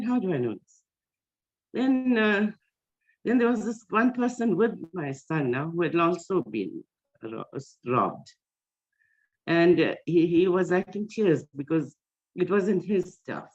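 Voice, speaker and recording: A woman's voice: fairly low pitch, darkish tone. A woman tells a long personal story over a video call, wandering through it with constant fillers and restarts. Her voice comes through dull and lo-fi, the typical muffled sound of call audio. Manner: rambling, with many fillers and restarts. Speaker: meeting participant.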